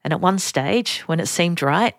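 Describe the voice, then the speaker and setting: Speaking at a normal pace, this podcast host is a middle-aged woman with an Australian accent whose lowish voice is animated. She shares personal stories, chatty and quick to poke fun at herself. There's no room sound; the audio is studio quality.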